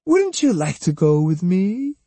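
A sly, teasing woman of the night, put on by a male reader in an audiobook. She mocks and coaxes in a high, sing-song lilt, her tone swooping up and down. The voice is husky and close, in a dry room. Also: very animated, measured pace, warm tone, no room sound, exaggerated voice. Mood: seductive. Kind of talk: audiobook character voice.

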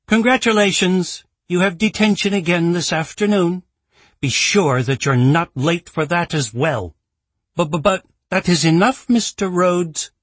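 A man's voice: high voice, expressive, measured pace, dry recording, pitched above the performer's own voice. A man voicing a strict female school official who scolds in a cold, clipped manner. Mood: stern.

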